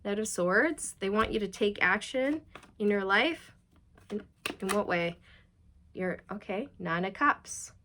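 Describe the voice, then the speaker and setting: A woman's voice: mid-range voice, a little slow, slight background noise. Chatty woman giving a tarot reading. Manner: chatty, animated, reassuring. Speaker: tarot reader. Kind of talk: channeled tarot reading to camera.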